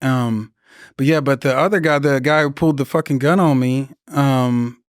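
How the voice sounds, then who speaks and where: A man's voice: mid-range voice, fairly even intonation, normal speed, clean tone, no room sound, clean studio sound. A young man, a veteran guest on a podcast, telling rambling, profanity-laced stories in casual conversation. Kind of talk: casual storytelling interview.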